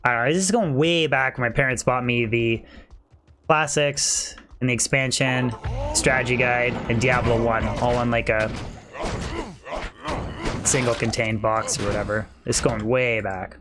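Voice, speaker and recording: A man's voice: mid-range voice, fairly even intonation, a little slow, background noise. A young man on a game livestream, chatting casually with viewers and keeping his voice down because his wife is asleep. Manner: chatty, rambling, reads and answers chat. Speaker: game streamer. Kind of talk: casual livestream chat while playing.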